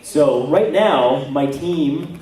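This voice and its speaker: A Canadian voice actor speaks very slowly, his voice on the high side yet dark in tone, rambling self-deprecatingly with plenty of asides at a convention panel. The sound comes from far away in an echoing hall.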